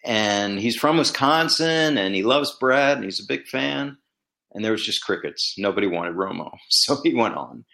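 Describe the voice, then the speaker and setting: A man's voice: animated, a little slow, gravelly, sharp tone. A middle-aged man, a former team executive, talking casually and telling stories, acting out quoted exchanges. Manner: conversational storyteller, acts out quoted dialogue with rising pitch. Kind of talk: casual solo commentary.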